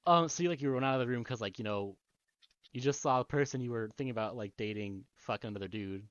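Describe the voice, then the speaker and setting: Animated and fairly quick, a man of medium pitch co-hosts a laid-back podcast, recounting a video game's story with heaps of swearing and laughs. A dull lo-fi mic captures him with no room sound.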